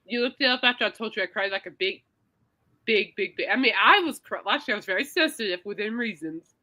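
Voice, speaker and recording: A woman hosts a casual podcast with a bright, sharp voice. She chats and giggles freely, drawing her words out long when she gets emotional. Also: mid-range voice, animated, fast. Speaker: podcast host. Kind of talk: casual chat.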